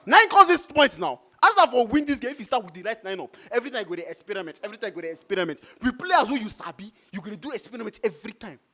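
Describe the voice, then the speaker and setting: A man with a Nigerian Pidgin English accent gives a heated, repetitive football fan rant. His voice sits very high and swings widely in pitch. It has a bright, sharp edge. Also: very animated, rapid-fire, hardly any pauses. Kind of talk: street fan reaction rant.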